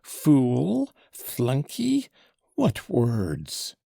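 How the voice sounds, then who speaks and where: A man's voice: medium pitch, wildly swooping pitch, extremely slow, vocal fry, dark tone, dry recording, clean studio sound, heavily acted. A man voicing a tormented young man in an audiobook, who speaks with bitter, clipped scorn. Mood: scornful. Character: tormented, contemptuous young man arguing with his hallucination. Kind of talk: audiobook character reading.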